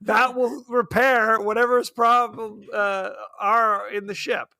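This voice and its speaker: A man's voice: sits high, little pitch movement, slow pace, sharp tone. A man co-hosting a podcast, chatting casually about a film with a sarcastic, joking manner and frequent laughs. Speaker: podcast co-host. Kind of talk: casual film review chat.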